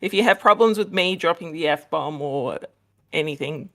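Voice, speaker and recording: A woman's voice: low voice, moderate pace, fairly bright tone. An Australian woman chatting casually on a video call from her home near the kitchen, rambling with lots of fillers and laughs. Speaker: guest. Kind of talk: casual chat.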